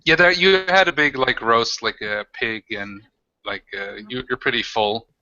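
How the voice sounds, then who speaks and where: Man, dungeon master, halting narration, bright tone, dry muffled recording. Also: mid-range voice. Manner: halting, many restarts. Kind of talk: narrating a tabletop game.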